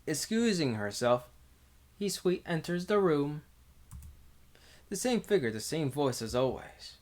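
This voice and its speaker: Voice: mid-range voice, sing-song, measured pace, a little mellow. Giggly casual visual novel reader. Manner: casual and giggly, stumbles and restarts while reading. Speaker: game streamer reading a visual novel aloud. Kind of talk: casual visual novel read-through with commentary.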